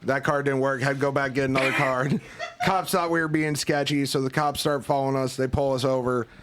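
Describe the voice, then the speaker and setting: A man's voice: medium pitch, steady tone, a little fast, background noise. A young man, a podcast co-host, telling a crude story in casual chat and laughing through it.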